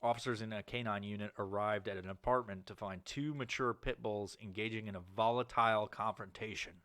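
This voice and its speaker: Guy on a podcast reading news out loud, bright voice, cracks himself up a lot. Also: fairly even intonation, a little fast, no room sound, studio quality. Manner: laughs often, swears freely, jumps into squeaky put-on voices. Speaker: podcast co-host. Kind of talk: casual podcast banter, reading news stories.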